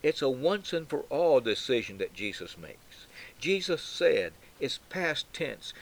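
Slow, solemn male preacher. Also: mid-range voice, sing-song, rough recording. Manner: slow, solemn, emphatic delivery with dramatic pauses; swells loud on key words and drops to a near whisper at phrase ends. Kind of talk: sermon.

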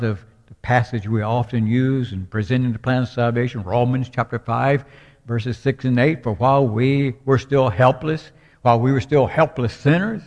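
A man preaching a sermon, slow and emphatic, his voice swelling on key words. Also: medium pitch. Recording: dull sound with long hall reverb.

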